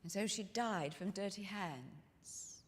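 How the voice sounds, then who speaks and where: Performing live in a church hall, a woman storyteller speaks in character, telling a first-person life story in a dramatic, intimate way aimed straight at the audience. Her mid-range voice moves slowly, and the live room adds long hall reverb.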